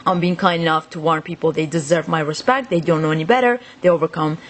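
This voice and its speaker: A woman's voice: low voice, fast. Woman ranting in a profane monologue. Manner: profane, rambling, agitated ranting. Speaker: vlogger. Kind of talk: unscripted monologue to camera.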